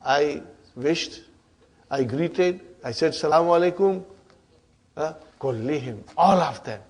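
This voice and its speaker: A man's voice: fairly high pitch, slow. A man teaching Arabic grammar to a class in a lecture style, often checking in with his students.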